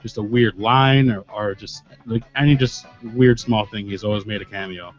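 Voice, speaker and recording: Casting: low-voiced Western New York musician, halting and filler-heavy, dull sound, faint music behind. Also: male voice, steady tone. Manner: hesitant, many fillers and restarts. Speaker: band member guest. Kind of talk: interview talk.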